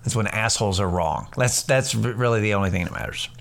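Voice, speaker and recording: A man's voice: lowish voice, fast, creaky, a bit bright. Rambling, profane middle-aged man. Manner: rambling, profane storytelling with many restarts. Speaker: podcast host; stand-up comedian. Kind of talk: casual solo podcast monologue.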